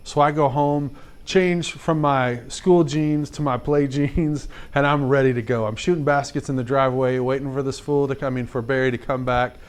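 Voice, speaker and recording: A man teaching a class of fifth graders, telling a personal story in an animated, chatty way, with lots of "like" and direct questions to the kids. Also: mid-range voice, normal speed, smooth.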